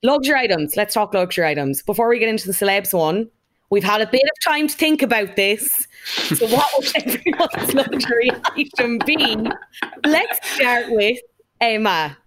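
A woman's voice: on the high side, animated, moderate pace, a bit bright, slight background noise. A woman hosting a podcast, chatting in a gossipy, sarcastic way and moving the talk along. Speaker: podcast host. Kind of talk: casual chat.

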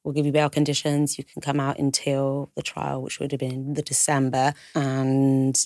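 A woman with a low voice talks through a hard personal story in a candid, conversational way, slipping into other people's voices as she goes. The sound is dry and close, with no room around her. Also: completely flat delivery, moderate pace, darkish tone, no echo. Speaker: podcast co-host telling her own story.

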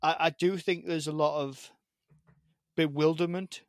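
A man's voice: fairly high pitch, steady tone, measured pace, dry recording, studio quality. A man with a strong British accent, a guest on a podcast, chatting casually over a video call with many restarts. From Britain. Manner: rambling, many restarts and repeated words. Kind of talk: casual chat.

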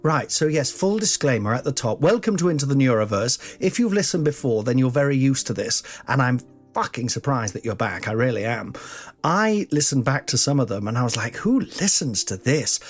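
A man's voice: medium pitch, very animated, brisk. A man in his forties hosting a comic podcast, rambling and self-mocking, jumping between silly voices. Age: 40s. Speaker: podcast host, comedian.

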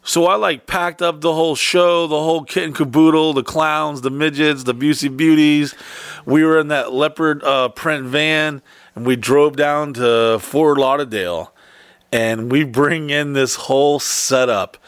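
A man telling stories in casual chat, rambling and profane with quick bursts. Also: on the high side, steady tone, a bit bright, clear, resonant tone, dry recording.

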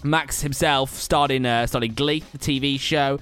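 A man hosts a podcast in a loose, chatty way, poking fun at himself as he goes. His pitch jumps high when he jokes. Faint music plays underneath. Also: fairly even intonation, moderate pace, a bit bright. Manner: chatty, self-mocking, jumpy pitch. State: out of breath. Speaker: podcast host. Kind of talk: casual podcast intro.

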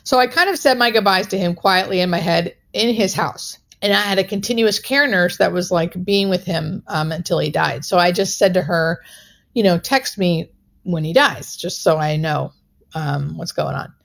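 Woman guest, hospice nurse; lowish, gravelly voice; earnest, emotional storytelling full of fillers. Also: normal speed. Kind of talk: personal storytelling in interview.

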